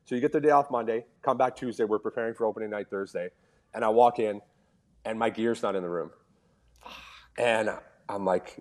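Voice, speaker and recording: A man with a low voice, a former pro hockey player from Canada, guesting on a podcast. He tells long stories in a relaxed, casual way and voices the people he quotes. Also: fast talker. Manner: animated storyteller, acts out quoted dialogue. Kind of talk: casual storytelling interview.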